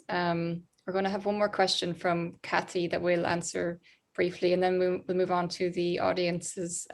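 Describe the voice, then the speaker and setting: A woman moderating a panel discussion on a video call, steady and measured. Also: fairly low pitch, creaky.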